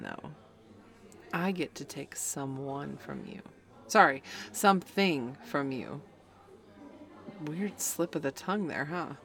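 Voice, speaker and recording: A woman's voice: low-pitched, heavily acted. A young woman voicing a cocky, taunting female best friend in an audio role-play, talking in a smug, playful way. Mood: teasing.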